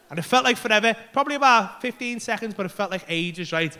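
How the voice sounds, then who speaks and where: High, gravelly stand-up comic telling a wild story. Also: male voice, fairly quick. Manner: excitable, swearing, acting out panic. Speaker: stand-up comedian. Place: comedy club stage. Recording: live club recording. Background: audience laughter.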